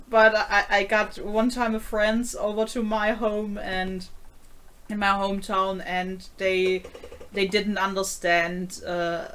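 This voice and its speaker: A woman's voice: mid-range voice, flat delivery, takes it slowly, a bit bright. A young adult woman from Swabia in Germany, speaking English with a German accent in casual livestream chat, chatty and often repeating her words. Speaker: livestream co-host. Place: home in Berlin.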